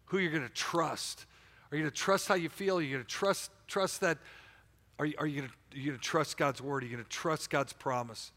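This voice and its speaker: Man, preacher, sermon, casual and energetic, stammering restarts, forceful voice, long church reverb. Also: on the high side, a little fast. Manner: energetic, colloquial, repeats himself, stumbles over words. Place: church sanctuary.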